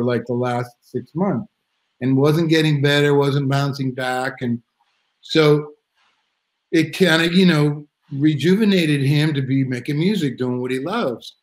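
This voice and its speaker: The audio is poor and the voice a little high: a middle-aged man, guesting as a drummer, rambling through a story on a casual live video chat. He keeps restarting and acts out quotes, heard through a video-call mic.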